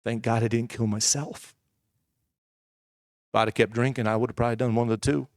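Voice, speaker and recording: A man's voice: mid-range voice, steady tone, brisk, a little mellow, no room sound. Candid male preacher in a dry church recording. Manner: conversational, candid storytelling with asides. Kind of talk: personal testimony sermon.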